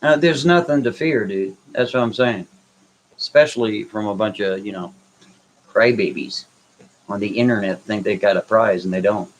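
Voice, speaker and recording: A man's voice: on the low side, moderate pace, slight background noise, rough recording. A man hosting a live stream, answering viewers' comments in a blunt, brash, dismissive way. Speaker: livestream host reading chat. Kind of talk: casual live chat.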